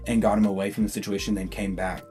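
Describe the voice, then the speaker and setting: A young man tells a what-if story in a casual, rambling way, often laughing and correcting himself. His voice is fairly low, with faint guitar music playing underneath. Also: little pitch movement, fast, dark tone.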